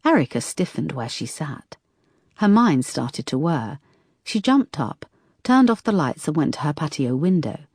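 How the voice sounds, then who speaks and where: A woman narrating a mystery audiobook in a measured, even storytelling manner. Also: low voice, breathy edge, no room sound, clean studio sound. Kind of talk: scripted narration.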